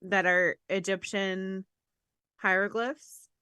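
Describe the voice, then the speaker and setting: A woman co-hosting a casual podcast in a bright, crisp voice. She rambles quickly and breaks into giggles between her points. The sound is dry and close. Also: mid-range voice, fairly even intonation, dry recording. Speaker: podcast co-host.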